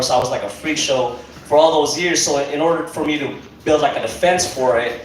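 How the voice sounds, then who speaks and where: A young man with a mid-range voice does a brisk, rambling, profane stand-up set full of fillers on a comedy club stage. The mic is distant in the echoey club, and the crowd can be heard laughing.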